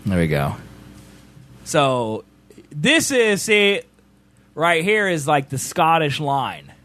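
Animated, lively-voiced American man chatting. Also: a little high, slow pace. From United States. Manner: rambling, animated, joking. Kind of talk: casual chat.

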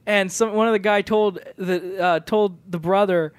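A man's voice: high-pitched, fairly even intonation, moderate pace, clean tone, no room sound. A man hosting a podcast in casual banter, teasing his guest and laughing often. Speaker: podcast host.

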